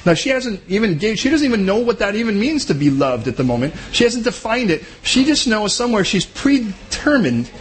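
A man with a notably high voice, preaching a sermon. He talks conversationally, throws in jokes, and briefly slips into other people's voices to make his points. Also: very animated. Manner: conversational and joking, acts out quick voices. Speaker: pastor.

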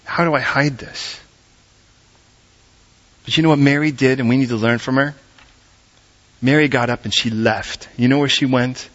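Animated male preacher, mid-pitched, dull lo-fi church recording. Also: brisk. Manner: animated, acts out voices, direct questions. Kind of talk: sermon. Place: church service.

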